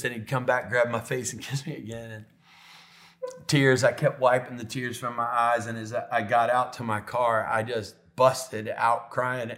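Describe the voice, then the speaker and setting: Middle-aged man, pastor, sermon storytelling, emotional, animated, dips soft and tender. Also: mid-range voice. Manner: emotional, animated storytelling, drops to near whisper when tender.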